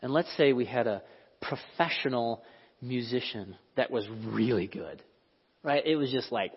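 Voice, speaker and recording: A man preaching a sermon in a church hall, conversational and animated, often asking the audience questions. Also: mid-range voice, normal speed, slightly rough. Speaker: pastor. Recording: dull, lo-fi recording in a reverberant hall.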